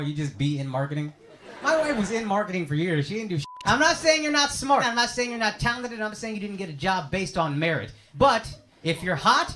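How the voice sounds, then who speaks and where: A man's voice: sits high, background noise. A man doing stand-up crowd work, teasing audience members in a brash, profane way. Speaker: stand-up comedian. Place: comedy club stage. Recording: roomy club with loud crowd laughter. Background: audience laughing.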